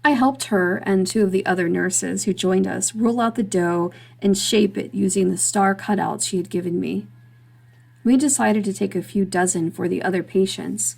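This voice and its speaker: A woman reads her own story aloud in a steady, measured way. Her voice has a gravelly, fried texture at a middle pitch. The delivery stays even and deliberate. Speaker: author narrator. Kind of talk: scripted story reading.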